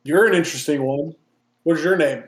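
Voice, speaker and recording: A man's voice: fairly high pitch, a little fast, roomy sound. Eager man player. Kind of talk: casual tabletop role-play.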